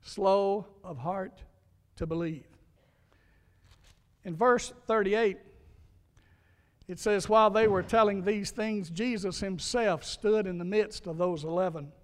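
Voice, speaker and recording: A man's voice: high voice, steady tone, unhurried, long reverb tail. A man preaching a sermon, telling folksy stories and repeating key lines for emphasis. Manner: folksy storytelling, emphatic repetition. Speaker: pastor.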